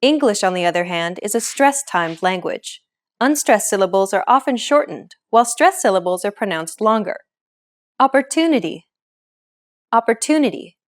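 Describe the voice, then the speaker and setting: A woman hosting a language lesson, explaining pronunciation in clear, encouraging scripted narration. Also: mid-range voice, animated, moderate pace.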